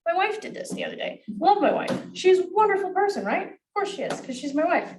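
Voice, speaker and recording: A woman's voice: very high-pitched, big pitch swings, fast talker. A woman coaching real estate agents in a classroom. She is blunt, swears freely and acts out dialogue as she teaches. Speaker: real estate negotiation trainer. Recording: voice from a distance.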